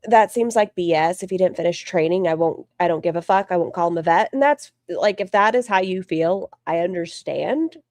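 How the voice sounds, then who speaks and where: A woman's voice: fairly low pitch, a little fast, few pauses, a little mellow, dry recording. A woman streamer giving casual livestream commentary, blunt and profane with a rambling delivery. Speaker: streamer commenting on online drama.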